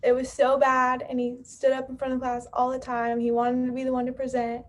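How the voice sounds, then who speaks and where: A woman's voice: high-pitched, completely flat delivery, fairly quick. A woman student recounting a school memory in a matter-of-fact way during an online class. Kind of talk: class discussion. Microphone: video call.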